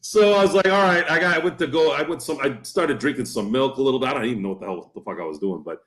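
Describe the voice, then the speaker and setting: A man joining as guest in a casual chat, telling stories in an animated way. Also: medium pitch, fast. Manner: animated storyteller. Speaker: guest co-host.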